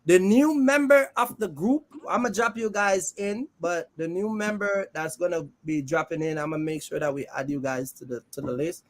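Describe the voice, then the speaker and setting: High-voiced joking livestream host, a man. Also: normal speed, few pauses. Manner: loose and joking, reads the chat aloud, lots of "man" and "you know". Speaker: host of a trucking business livestream. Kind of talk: casual live-stream chat.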